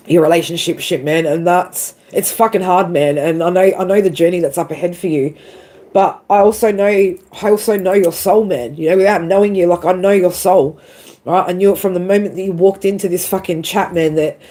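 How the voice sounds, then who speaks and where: A woman's voice: lowish voice, dark tone. A woman doing a live tarot stream, tearful and emotional, swearing freely and tagging lines with "right?" and "man". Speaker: tarot reader.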